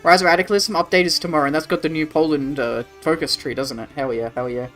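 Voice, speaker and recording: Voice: medium pitch, fairly even intonation, fast, fairly bright tone. Aussie streamer rambling over a game, swears a lot, faint music behind. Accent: Australian. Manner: rambling, casual swearing, answers chat. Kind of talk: casual live-stream chat.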